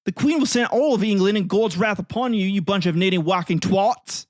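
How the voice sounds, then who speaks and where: A man voicing a furious British sea captain who shouts crude insults. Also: sits high, a little fast, no echo, clean studio sound, pitched above the performer's own voice, natural voice.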